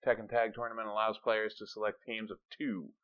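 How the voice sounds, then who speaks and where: A man's voice: fairly low pitch, little pitch movement, brisk, clean tone. A man hosting a podcast, chatting casually, rambling and swearing, sometimes reading from notes. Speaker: podcast host. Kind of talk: casual chat. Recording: dull lo-fi podcast audio.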